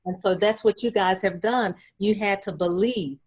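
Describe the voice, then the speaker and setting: A woman co-hosting a podcast interview, enthusiastic and quick to affirm her guests. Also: medium pitch, darkish tone, slightly rough. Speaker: podcast co-host.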